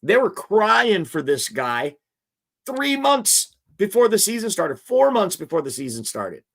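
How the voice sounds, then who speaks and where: Animated man hosting a live football stream. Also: high-pitched, unhurried. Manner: animated, reads viewer chat aloud. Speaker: host of a live football show. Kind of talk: casual live-stream sports commentary.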